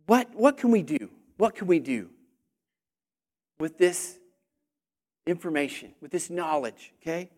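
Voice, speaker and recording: A man preaching a lively sermon to a congregation, energetic with call-and-response, rising at times almost to a shout. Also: fairly high pitch, unhurried, pauses often.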